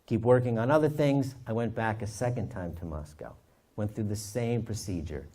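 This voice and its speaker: Low-voiced man telling an anecdote. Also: normal speed. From United States. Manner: anecdotal, lively storyteller. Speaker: author and historian. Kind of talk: storytelling talk.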